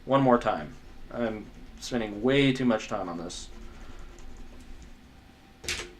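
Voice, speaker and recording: A man's voice: fairly low pitch, slow, slight background noise. Man, drawing tutorial, talks while sketching, rambly, mutters to himself, self-mocking, swears casually. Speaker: art tutor.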